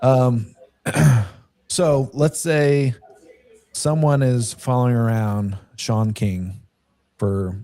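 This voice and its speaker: A man hosting a casual podcast, asking questions in a relaxed, hesitant way with many fillers. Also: mid-range voice, extremely slow, long pauses. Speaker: podcast host.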